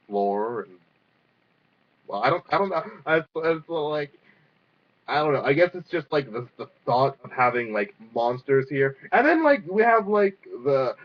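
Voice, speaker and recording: A young man casually reviewing a cartoon episode, rambling with lots of fillers and the odd swear word. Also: mid-range voice. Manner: rambling, filler-heavy, profane. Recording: dull lo-fi sound.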